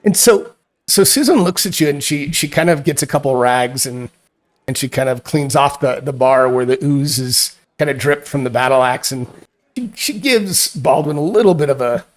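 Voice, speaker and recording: A man's voice: mid-range voice, animated, normal speed. A man running a tabletop game as game master, narrating with many fillers and restarts.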